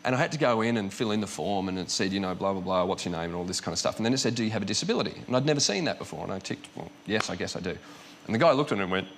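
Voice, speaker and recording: A man's voice: fairly low pitch, racing, slight background noise. An Australian man, a comedian guest on a chat show, telling stories and acting out the voices of the people in them. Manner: animated storytelling with acted-out voices.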